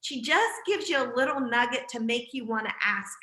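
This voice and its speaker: Bright-voiced woman leading a team call. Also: on the high side, animated, moderate pace, echoey room, poor audio. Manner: encouraging, with frequent fillers. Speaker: team leader hosting a group call. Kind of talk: casual group call talk. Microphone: video call.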